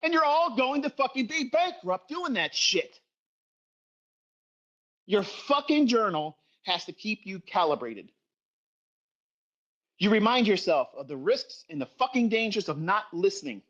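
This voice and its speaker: A man's voice: high-pitched, fairly bright tone, highs cut off. A middle-aged man giving a profane, scolding lecture as a trading educator in a livestream rant.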